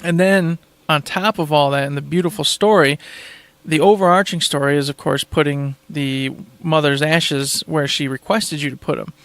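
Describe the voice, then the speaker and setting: Enthusiastic male podcast host, rambling casual chat, fairly high voice, dry sound. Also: fairly even intonation, normal speed, fairly bright tone, no room sound.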